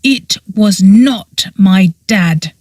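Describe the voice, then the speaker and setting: A woman's voice: medium pitch, expressive, very slow, no echo, clean studio sound. A woman reading an audiobook, voicing a young man who speaks in a clipped, angry way through gritted teeth. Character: angry young man defending his father, tense. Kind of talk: audiobook character voice.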